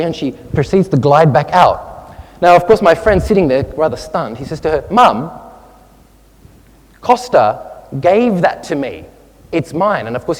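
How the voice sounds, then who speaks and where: A man giving a public talk to an audience, telling stories in an expressive, animated way. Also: on the high side. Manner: expressive storyteller, animated, with asides. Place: hall with an audience. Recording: long reverb of a hall.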